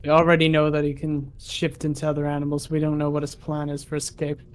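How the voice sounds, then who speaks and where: Brief: male player, slightly high, flat, hesitant. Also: fast. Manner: hesitant, restarting. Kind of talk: playing a tabletop game.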